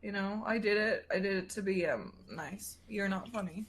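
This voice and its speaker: A woman's voice: mid-range voice, normal speed, a little hiss or hum. A woman streamer chatting casually as a guest, teasing and sarcastic. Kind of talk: casual livestream chat.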